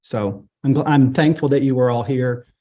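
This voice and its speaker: A man hosting a business webinar on a video call, halting with fillers but upbeat. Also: medium pitch, warm tone. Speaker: webinar host, business advisor.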